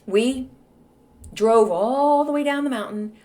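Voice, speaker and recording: A woman in her forties hosting a podcast, telling a story in a snarky, animated way. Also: sits high, slow. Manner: snarky, animated, acts out quoted voices. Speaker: podcast host. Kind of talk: casual storytelling monologue.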